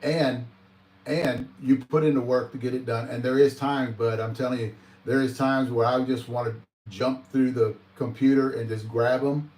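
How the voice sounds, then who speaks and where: A man's voice: medium pitch, fairly even intonation, moderate pace, darkish tone. A man hosting a podcast in casual chat, emphatic and repeating his points for stress. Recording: roomy, off-mic sound.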